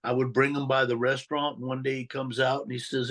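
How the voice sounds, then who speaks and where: A man's voice: medium pitch, fast talker, hardly any pauses. A man as an interview guest, telling his past as a story and acting out the dialogue. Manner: animated, acts out quoted dialogue. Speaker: interview guest, former mob associate.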